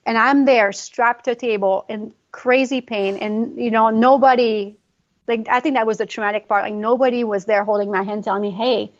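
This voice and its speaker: Woman podcast guest, fairly high voice, emotional storyteller full of fillers; slightly muffled lo-fi audio. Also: fairly even intonation, normal speed. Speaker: guest, pre and postnatal fitness coach. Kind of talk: conversational podcast interview.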